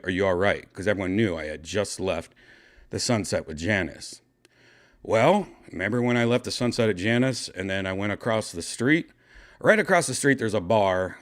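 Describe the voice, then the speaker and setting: A man hosting a podcast, casually telling a story with excitement and swearing, acting out his own shouts. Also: fairly low pitch. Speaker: podcast host.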